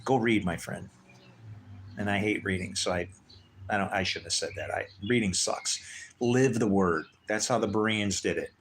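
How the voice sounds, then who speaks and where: A man's voice: fairly low pitch, moderate pace, slight background noise. A man livestreaming, ranting in a heated, preachy way with lots of profanity. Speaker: livestream host. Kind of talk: livestream rant.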